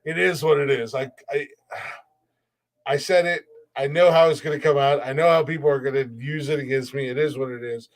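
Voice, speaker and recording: A man's voice: mid-range voice, steady tone, fairly quick. A man from the United States hosting a comedy podcast, chatting casually and playfully, teasing and mocking himself. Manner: playful, joking, self-mocking. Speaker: podcast host.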